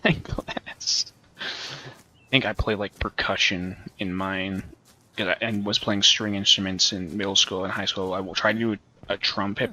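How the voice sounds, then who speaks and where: A man's voice: lowish voice, pushed and bright. Joking, swearing man playing a game. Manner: profane, joking, rambling. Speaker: let's play host. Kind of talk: casual gameplay commentary.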